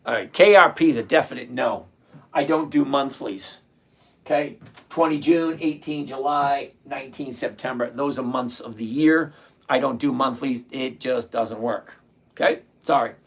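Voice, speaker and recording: A man, hosting a casual trading livestream and chatting with viewers by name, relaxed and quick to laugh. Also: medium pitch, husky. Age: 60s. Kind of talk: casual livestream chat reading viewer comments.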